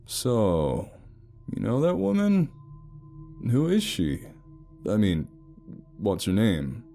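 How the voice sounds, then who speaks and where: A very deep, dark-toned man narrating a first-person horror story. He tells it wryly and with lively, expressive pitch, over faint background music. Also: slow pace, creaky. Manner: wry, sarcastic storytelling.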